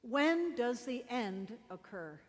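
A woman pastor delivering a sermon, telling a story slowly and deliberately with dramatic pauses. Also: on the high side, very animated, big-room sound.

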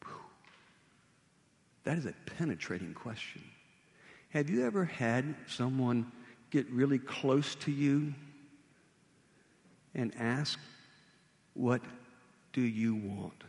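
An animated male preacher tells a story at a slow, deliberate pace. His voice rises and falls freely over a fairly high register. A long hall reverb trails each phrase. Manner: animated storytelling with vivid retelling. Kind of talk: sermon.

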